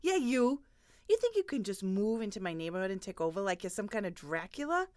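A woman playing a brassy loudmouthed neighborhood gal. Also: mid-range voice, very animated, fairly quick, no room sound, close to an everyday voice. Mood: belligerent. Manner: brassy, confrontational, working-class bluster. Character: brash loudmouthed neighborhood woman Patty, middle-aged. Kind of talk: comedy sketch acting.

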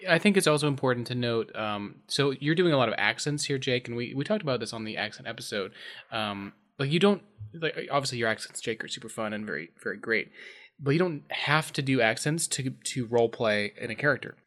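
A man's voice: medium pitch, lively intonation, brisk, fairly bright tone. A man co-hosting a casual podcast chat, thoughtful and hesitant, with many fillers. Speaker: podcast co-host.

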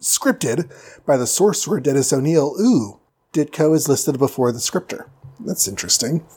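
Husky man recapping comics. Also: a little high, expressive, a little mellow. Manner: breezy recap, drops into quick mock voices for characters. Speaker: podcast co-host recapping comics. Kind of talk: casual chat.

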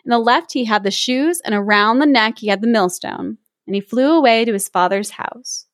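A woman host reading a fairy tale aloud in an expressive, animated way. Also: fairly high pitch, normal speed, no echo, studio quality. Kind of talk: storybook reading with casual chat.

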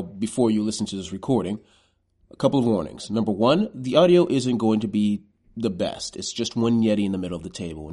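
A man's voice: fairly low pitch, a little mellow. A man giving a casual, joking introduction to a podcast episode. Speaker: podcast host.

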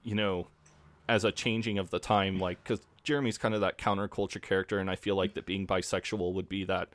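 A man's voice: low-pitched, little pitch movement, brisk, fairly bright tone, no echo. A man co-hosting a podcast in casual chat, speaking hesitantly with many fillers. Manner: hesitant, many ums and you-knows. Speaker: podcast co-host.

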